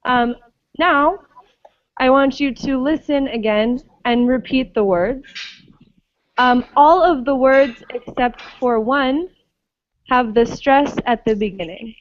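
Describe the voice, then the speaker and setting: A woman's voice: sits high, lo-fi sound. A woman teaching an online English pronunciation class, patiently checking that students follow. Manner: slow, patient, checks understanding often.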